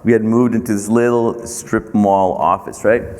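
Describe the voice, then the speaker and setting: A man being interviewed about his company, telling a long anecdote in a halting way, with many fillers and restarts. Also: on the low side, fairly even intonation, darkish tone, big-room sound. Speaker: company founder and CEO. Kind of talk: storytelling interview.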